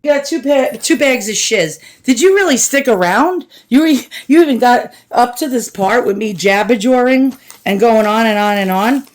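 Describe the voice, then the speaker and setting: A woman's voice: a little high, expressive, normal speed, hardly any pauses. A woman in a blunt, profane, casual rant to camera, unboxing and chatting with her viewers. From United States. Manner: blunt and profane, addresses viewers as "boys and girls". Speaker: shopping vlogger. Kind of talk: casual ranting chat to camera.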